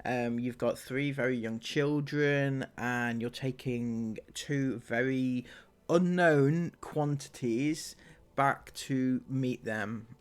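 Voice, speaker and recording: A man's voice: medium pitch, slow pace, clear, resonant tone. A man giving sarcastic reaction commentary, firing incredulous rhetorical questions.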